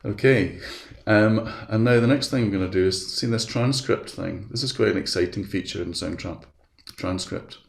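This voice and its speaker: A man presenting a webinar, chatting through a live software demonstration step by step at his computer. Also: on the low side, normal speed, creaky, hardly any pauses. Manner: chatty, walks through steps aloud. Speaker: education specialist presenting a webinar. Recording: roomy echo.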